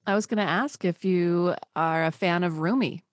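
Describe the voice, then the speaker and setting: A woman's voice: on the low side, normal speed, dry recording. Chatty woman radio host, dry sound. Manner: upbeat, chatty. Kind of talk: casual radio interview.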